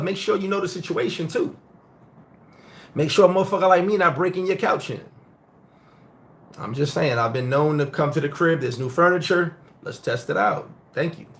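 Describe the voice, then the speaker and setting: A middle-aged man who grew up in the United States, hosting a casual live-stream chat and telling stories in a blunt, profane, animated way. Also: fairly high pitch, a little fast. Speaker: host.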